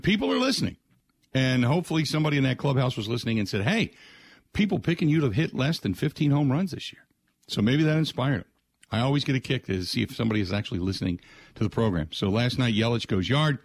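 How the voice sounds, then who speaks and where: A man hosting a sports radio show, talking casually through last night's game with plenty of fillers. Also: mid-range voice. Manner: conversational, frequent "uh" fillers, rattles off game stats. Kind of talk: sports talk radio monologue.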